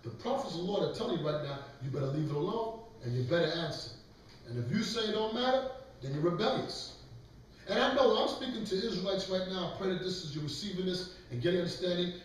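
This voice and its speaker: Preaching to a scripture class, a man lectures emphatically and calls on others to read. His voice is a little high, and the echoey, distant-mic recording carries a little hiss or hum.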